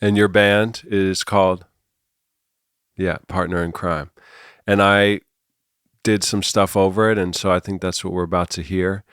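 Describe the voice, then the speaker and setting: A man with a very low voice, hosting a podcast and drifting through stories and big ideas in a loose, meandering way. His voice is dry and close, with no room sound around it. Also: level tone, unhurried, long pauses, fairly bright tone, smooth, no echo. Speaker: podcast host. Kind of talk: rambling storytelling conversation.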